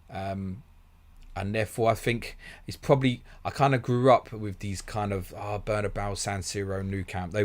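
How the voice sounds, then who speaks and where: Deep-voiced English man hosting a live stream. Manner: chatty and blunt, swears casually, calls viewers mate. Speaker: fantasy football stream host. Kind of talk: casual live-stream chat answering viewer questions.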